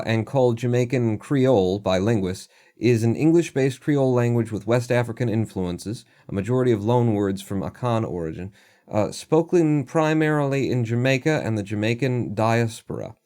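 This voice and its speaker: While live-streaming a number puzzle, a man thinks aloud in a casual way, muttering numbers to himself and making self-deprecating remarks. His voice is warm and medium-pitched, with lively intonation and a moderate pace.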